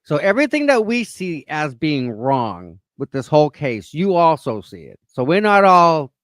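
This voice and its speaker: A man's voice: a little high, sing-song, normal speed, fairly bright tone, no echo, studio quality. A man hosting a live stream, talking in a laid-back, teasing casual chat. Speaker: stream host.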